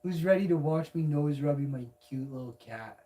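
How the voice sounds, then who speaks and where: A man's voice: a little high, normal speed, dark tone, distant mic, poor audio. A man streaming live, goofy and rambling, talking casually to viewers and lapsing into baby talk with his cat. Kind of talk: casual livestream chat.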